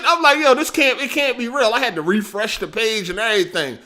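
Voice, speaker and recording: A man hosting a casual livestream, animated and slangy, laughing often and swearing freely. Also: high voice, fairly quick, few pauses. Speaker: livestream host.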